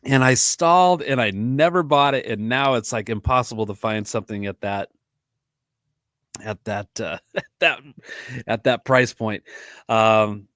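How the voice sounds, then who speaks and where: A man's voice: medium pitch, a little slow, pauses often, a bit bright, no echo, clean studio sound. A man hosting a casual live podcast, rambling with lots of fillers and frequent chuckles. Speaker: podcast host and drummer.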